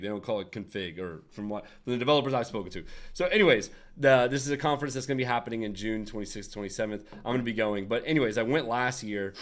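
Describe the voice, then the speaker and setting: Rambling casual male livestream host. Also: mid-range voice. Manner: rambling, restarts, frequent laughs and asides to chat. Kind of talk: casual livestream chat and tutorial.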